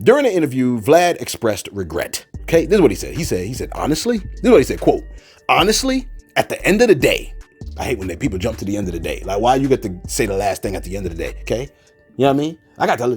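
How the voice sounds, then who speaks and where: A man's voice: mid-range voice, breathy edge. A man casually commenting on celebrity gossip, digressing into preachy asides and mock-quoting people. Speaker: commentary host.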